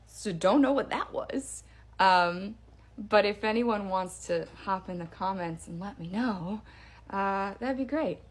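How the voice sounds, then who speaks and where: A woman's voice: medium pitch, a little slow. A woman casually telling a first-person scary story in a chatty way, with fillers and restarts.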